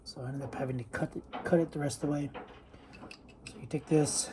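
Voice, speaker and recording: A man giving a casual hands-on repair how-to, rambling offhand as he works, a bit choked up and clearing his throat. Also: on the high side, steady tone, brisk. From Los Angeles County. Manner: rambling, offhand, talks while working. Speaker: DIY repair vlogger. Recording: noticeable background noise.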